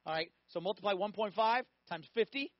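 A man with a very high voice preaches a sermon, telling stories animatedly and firing questions at his listeners. The recording is dry and a little dull. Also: fairly quick, no echo. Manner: animated storytelling, acting out voices, asks audience questions.

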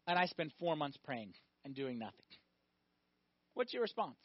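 A man preaching a lively sermon as a priest, often asking his listeners questions. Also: a little high, moderate pace, pauses often, slightly rough, dry recording. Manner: animated, asks the congregation questions. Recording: dull, dry recording.

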